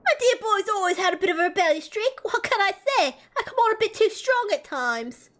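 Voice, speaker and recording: A woman playing a bossy mother who scolds in a drifting put-on accent, her voice very high and bright. It swings widely in pitch. She is sharp-tongued and domineering. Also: animated, fairly quick. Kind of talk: reading game dialogue aloud.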